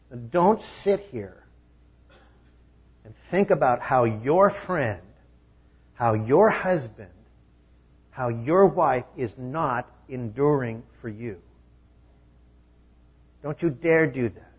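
Male pastor with a husky mid-range voice, conversational but emphatic, in a dull church recording. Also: fairly high pitch, animated, slow pace, pauses often. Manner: conversational preaching with emphatic repeated phrases. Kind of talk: sermon.

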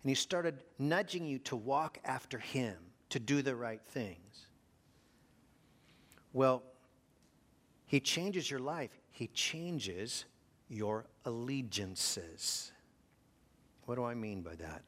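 A man preaching a sermon, asking his congregation rhetorical questions and dropping to a hush for emphasis. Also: medium pitch, animated, slow pace, long pauses. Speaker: pastor.

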